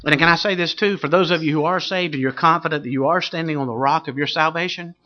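A pastor preaching a sermon, telling a story with dramatic swings from loud to hushed. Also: male voice, on the high side, quick pace, muffled recording.

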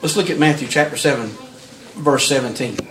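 A man preaching a sermon in a lively, storytelling way, often repeating words as he builds up. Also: mid-range voice, a little fast. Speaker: pastor.

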